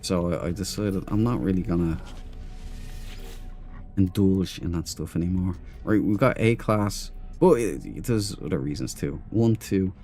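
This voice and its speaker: Faint music sits behind this Irish streamer's low, mellow voice, which moves a little slowly. He keeps up casual gameplay commentary in a space game, drifting between remarks to chat and to his in-game crew.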